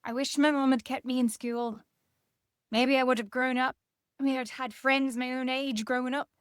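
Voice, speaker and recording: A woman's voice: sits high, flat delivery, moderate pace, clean tone, no room sound, clean studio sound, close to an everyday voice. A woman playing a brash washed-up actress with a Welsh accent. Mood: sulky. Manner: brash, swearing, denies her accent. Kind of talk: table read of a screenplay.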